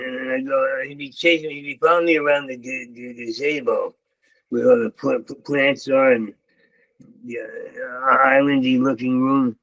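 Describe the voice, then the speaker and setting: A man's voice: mid-range voice, fairly even intonation, normal speed, gravelly, no room sound, poor audio. An older man, a comedian, telling stories in an interview with heavy stammering and repeated words. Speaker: comedian guest. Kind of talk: storytelling interview.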